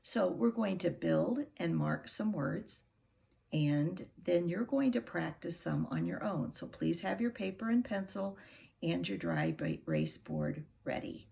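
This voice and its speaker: A middle-aged woman teaching a phonics lesson to young children, sounding out words slowly and patiently. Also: on the low side, expressive, vocal fry, dark tone. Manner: slow, patient, over-articulated sounding out.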